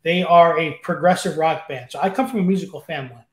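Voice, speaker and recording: Man, interview guest, enthusiastic, rambling, fairly high voice, echoey room, video call. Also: fast talker. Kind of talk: casual interview chat. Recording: roomy echo.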